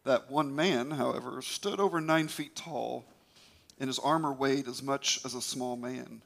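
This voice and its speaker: A man's voice: medium pitch, measured pace, creaky, fairly bright tone. A man retelling a scripture story as a preacher, emphatic, with occasional stumbles.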